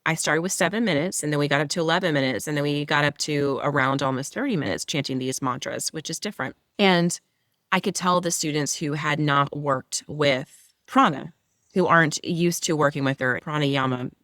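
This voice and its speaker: A woman with a mid-low, even voice talks as a guest yoga mentor, her explanations flowing and eager. The sound is dry and close, with no room around it. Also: normal speed, no room sound. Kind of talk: interview conversation.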